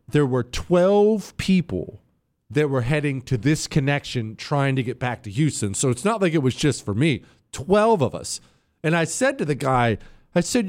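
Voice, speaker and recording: A man telling a travel story on air, animated and sarcastic, swinging between loud and quiet. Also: fairly high pitch, moderate pace. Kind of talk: storytelling monologue.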